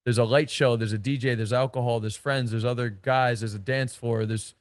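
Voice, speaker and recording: A male dating coach delivers a blunt, slangy, profane lecture, stressing key words hard. His middle-pitched voice runs a little fast with fairly even intonation, recorded dry and close with no room sound.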